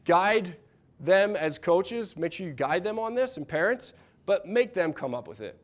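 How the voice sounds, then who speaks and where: Man in his thirties, coach leading a workshop, upbeat and encouraging, slightly higher voice. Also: unhurried. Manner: energetic, encouraging, asks the room questions. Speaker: mental performance coach. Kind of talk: workshop talk to a live audience.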